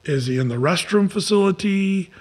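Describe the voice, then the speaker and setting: Guy doing a prophet casually teasing his rivals, wry and chill, slightly high voice. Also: animated, normal speed, darkish tone, slightly rough. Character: male biblical prophet, calmly mocking rivals.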